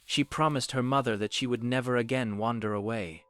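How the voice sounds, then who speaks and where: A man reading a fairy tale aloud in an animated, expressive storytelling manner. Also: medium pitch, a little fast, smooth, no echo, soft background music.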